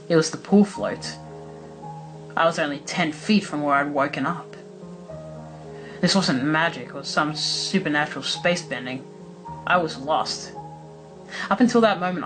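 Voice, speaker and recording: A man narrating a first-person horror story in a measured, dramatic way. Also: on the high side, rough recording. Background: background music.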